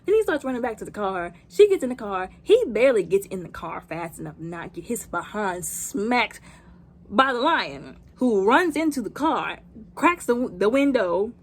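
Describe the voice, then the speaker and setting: A woman's voice: mid-range voice, very animated, moderate pace. A woman giving a comedic movie recap, dramatic and sassy, with playful asides. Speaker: movie reviewer.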